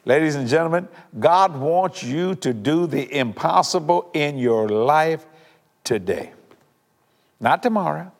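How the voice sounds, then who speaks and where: Older preacher, fervent and emphatic. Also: male voice, a little high, lively intonation, a little slow, big-room sound. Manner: fervent, emphatic, repeats lines for effect; swings from loud declarations to hushed earnest asides. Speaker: televangelist preacher. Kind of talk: televised sermon and prayer.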